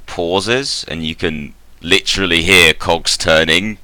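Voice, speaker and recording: A man with a very deep yet bright, crisp voice narrates a tabletop game as game master. His delivery is casual and rambling, full of fillers. The sound is dry and close to the mic. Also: slow pace, no echo.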